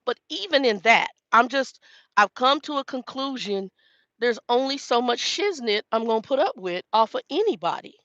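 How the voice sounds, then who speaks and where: A woman's voice: on the high side, animated, normal speed, a bit bright, no echo, dull audio. A woman, a truck driving trainer chatting casually to viewers and telling a story by quoting herself. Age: 50s.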